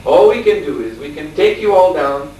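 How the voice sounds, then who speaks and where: Animated man telling a story in an echoey room. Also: a little high, normal speed. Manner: animated storyteller, laughing, acting out shouts. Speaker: spiritual teacher. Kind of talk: storytelling lecture. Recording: echoey room from far off, faint background noise.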